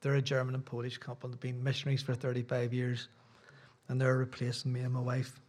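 A man's voice: mid-range voice, completely flat delivery, brisk, darkish tone. Chatty Irish man preaching in church. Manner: rambling, self-deprecating, chatty asides. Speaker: visiting preacher. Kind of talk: sermon with casual chat.

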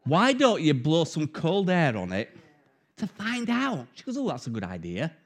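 A middle-aged man, preaching a sermon and telling a personal story in an animated, conversational way. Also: fairly high pitch, normal speed.

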